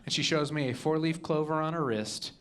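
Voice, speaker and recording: A young man does stand-up on a comedy club stage, his voice a little high, fairly quick and smooth. His delivery is punchy, and he tacks "okay?" or "all right?" onto the end of each joke.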